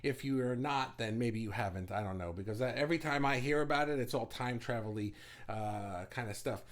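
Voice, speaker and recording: Male livestream host, casual and rambling, fast talker, mid-pitched voice, loose and profane. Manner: rambling, chatty, with many restarts and swearing; talks fast.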